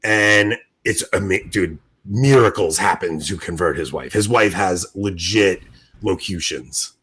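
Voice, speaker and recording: A man co-hosting a podcast, telling stories in an excited, animated way and laughing often. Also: deep voice, a little slow, breathy edge. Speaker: podcast co-host. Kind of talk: casual podcast chat.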